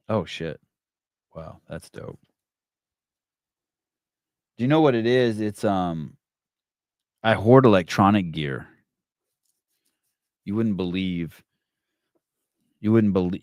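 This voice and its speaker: A middle-aged man hosting a podcast, telling a story in casual, profane, animated talk. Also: deep voice, no echo, clean studio sound. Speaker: podcast host. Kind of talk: casual storytelling and reading comments.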